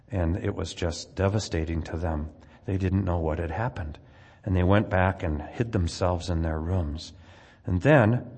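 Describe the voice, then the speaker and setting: A man preaching a sermon, earnestly retelling scripture with dramatic rises and drops in loudness. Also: low-pitched, slightly rough. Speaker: pastor. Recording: long hall reverb.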